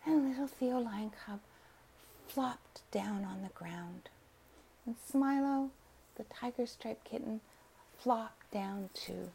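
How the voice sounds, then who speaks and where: A woman narrating a bedtime story softly and slowly, often sinking into whispers. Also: fairly high pitch, vocal fry, a little hiss or hum. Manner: soft and slow, dropping to whispers.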